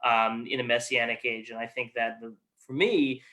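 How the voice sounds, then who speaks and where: A guest speaker gives his last thoughts in a thoughtful, searching manner, often pausing with fillers. His voice is bright and forward. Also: mid-range voice, steady tone. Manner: thoughtful, searching, heavy with "you know". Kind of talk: reflective closing words.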